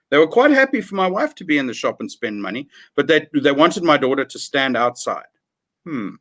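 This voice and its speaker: A man's voice: a little high, lively intonation, brisk, fairly bright tone. A middle-aged man from South Africa, a guest on a livestream chat, talking bluntly and swearing freely as he rants.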